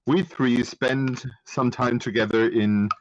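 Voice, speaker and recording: Man, call guest, casual chat, hesitant, halting, mid-range voice. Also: medium pitch, steady tone, highs cut off.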